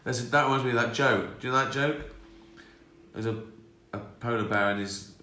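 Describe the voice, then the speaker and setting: A man's voice: mid-range voice, a little fast, pushed and bright. A man in his sixties chatting casually on a live stream, rambling and mocking himself as he answers viewer questions. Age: 60s. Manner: rambling, self-mocking, chuckling. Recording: roomy echo.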